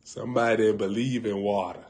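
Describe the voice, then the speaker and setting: A man preaching on a live broadcast, telling a funny story in a colloquial way. He laughs at his own jokes and swings between loud bursts and hushed asides. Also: on the low side, steady tone, a little fast. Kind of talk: humorous sermon storytelling.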